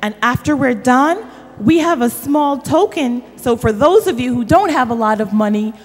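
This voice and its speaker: A woman leading a children's corner in church, telling a story in an animated way that speaks directly to the children. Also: high voice. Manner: slow and animated, addressing children. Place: church sanctuary. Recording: reverberant church hall.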